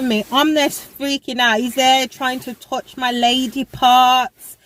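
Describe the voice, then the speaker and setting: A woman's voice: sits high, flat delivery, slow pace, fairly bright tone, no room sound, rough recording. A young woman telling a casual storytime in a chatty, rambling way, full of fillers. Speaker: vlogger.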